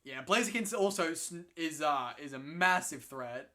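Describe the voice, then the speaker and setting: A man in casual game commentary, excitable and swearing freely, often restarting his sentences. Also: on the high side, moderate pace. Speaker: co-host commentating league matches.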